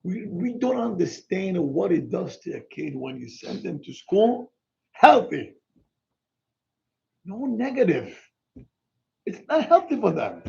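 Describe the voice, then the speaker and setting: Animated rabbi preaching. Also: male voice, sits high, takes it slowly, gravelly, long pauses. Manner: animated, emphatic, exclaiming, mixing in Hebrew words. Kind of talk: sermon. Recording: dull lo-fi recording.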